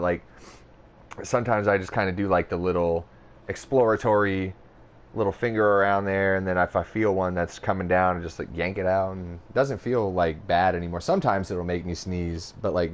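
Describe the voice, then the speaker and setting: A young man co-hosting a podcast in casual chat, laid-back, swearing freely and laughing often. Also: deep voice. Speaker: podcast co-host.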